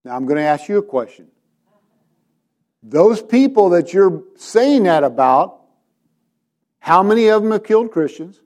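A man's voice: high-pitched, very animated, measured pace, long pauses, a little mellow. A man preaching a sermon to a congregation, retelling scripture and asking his listeners direct questions. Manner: dramatizes scripture with quoted voices. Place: church.

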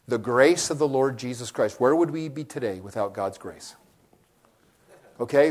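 A man preaching a sermon as pastor, swinging between quiet, low passages and loud, rising calls, often asking the congregation questions.

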